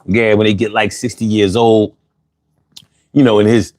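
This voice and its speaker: A man's voice: lowish voice, normal speed, long pauses, a little mellow, dry recording, clean studio sound. A man hosting a casual livestream, reading out chat comments in a loose, slangy way and laughing often, a little bothered by allergies.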